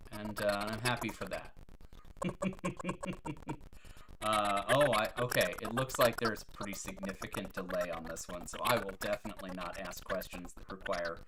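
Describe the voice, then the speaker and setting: A woman with a very deep voice hosts a live stream in a casual, chatty way, cracking corny jokes and poking fun at herself. Her pitch swings up and down a lot as she talks. Steady background noise runs under her voice throughout. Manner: corny joke-telling, self-mocking, chatty.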